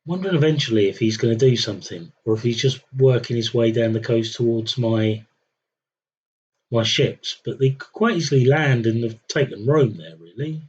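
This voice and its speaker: A man's voice: medium pitch, moderate pace, darkish tone, breathy edge, lo-fi sound. A young man streaming a strategy game, thinking aloud with wry, muttered commentary. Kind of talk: casual live gameplay commentary.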